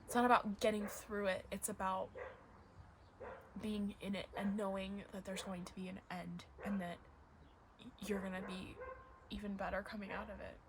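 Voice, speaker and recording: A woman reading tarot cards in a casual, gushing way, often close to tears. Her voice sits at an ordinary middle pitch. Dogs bark clearly behind her. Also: flat delivery, moderate pace, pauses often, noisy background. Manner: emotional, gushing, near tears. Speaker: tarot reader. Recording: dogs barking in the background. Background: dogs barking.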